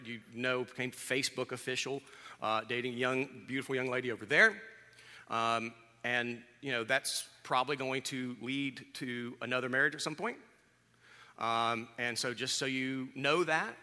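In a church sanctuary with a big-room sound, a man in his fifties preaches in a medium-pitched, sharp voice. The pastor's sermon is candid and conversational, with self-deprecating touches.

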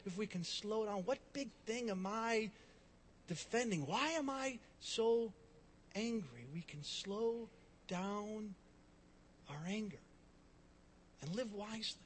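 A male pastor preaching a sermon, telling a personal story and swinging between loud emphasis and quiet, drawn-out asides. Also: high-pitched, expressive, long reverb tail, slight background noise.

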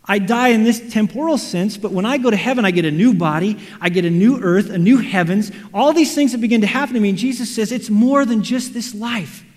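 A man preaching a sermon, animated, acting out quotes and everyday scenes. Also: high-pitched, brisk, hardly any pauses. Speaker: pastor. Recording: reverberant hall.

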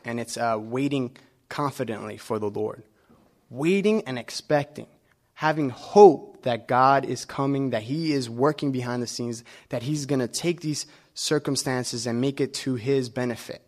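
A man delivering a conversational sermon as a preacher, relaxed and personal, pausing often with fillers and restarting his sentences. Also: medium pitch. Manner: relaxed and personal, with many filler pauses and self-corrections.

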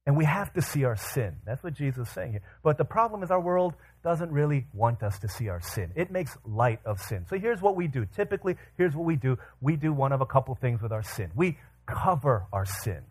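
Animated man preaching a sermon. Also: medium pitch, brisk, husky. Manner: animated storytelling with quoted voices. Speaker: pastor.

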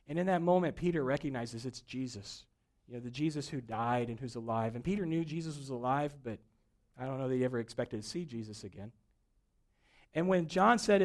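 A man preaching a sermon, telling a story with acted-out dialogue and swings between loud emphasis and quiet moments. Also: fairly high pitch, brisk. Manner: storytelling preacher, acts out dialogue, rising and falling intensity. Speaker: pastor.

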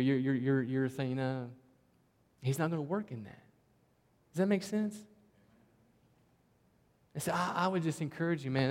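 A man with a Southwest Virginia country twang delivers a sermon in a folksy, conversational way, often saying "man" and "right?" His voice sits a little high for a man. The sound carries a long reverb, as in a large hall. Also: a little mellow. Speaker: pastor.

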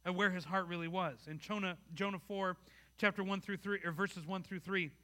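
A man preaches in a high, piercingly bright voice. He sounds earnest and conversational, and he keeps putting rhetorical questions to his congregation. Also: fairly even intonation, brisk. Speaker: pastor. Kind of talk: conversational sermon.

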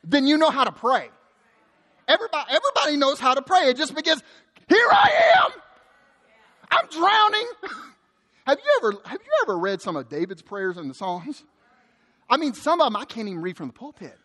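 Pastor guy preaching in a big echoey church, bright punchy voice, cracks jokes, stumbles over words a lot. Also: very high voice, fast. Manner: lively preaching with joking asides and frequent word repeats. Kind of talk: sermon. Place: church sanctuary.

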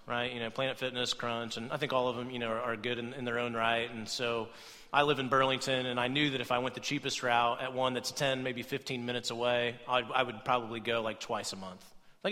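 A young adult man, a pastor, speaks fast at medium pitch inside a large hall. The sermon feels like a conversation, animated throughout, with "right?" tagged onto his points again and again.

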